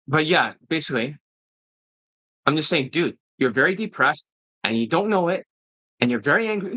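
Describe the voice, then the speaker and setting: A man's voice: on the high side, lively intonation, normal speed, pauses often, pushed and bright, dry recording, poor audio. A middle-aged man giving a blunt, profane coaching rant, often tossing in "right?". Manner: keeps asking "right?" to prompt agreement. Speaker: dating coach. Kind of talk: ranting coaching monologue.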